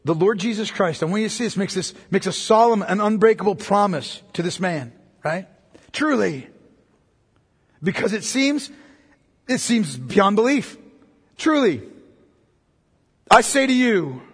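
A man preaches a sermon in a somewhat high, husky voice. He swings from ringing, emphatic proclamation to hushed, quiet passages. A long hall reverb trails behind every phrase. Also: animated, moderate pace.

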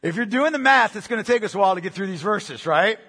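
A man's voice: high voice, expressive, quick pace, pushed and bright, breathy edge. A man preaching a sermon as pastor, earnest and emphatic, piling up rhetorical questions and checking in with his listeners. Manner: earnest, emphatic, asks many rhetorical questions, often adds "right?". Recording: long reverb of a large hall.

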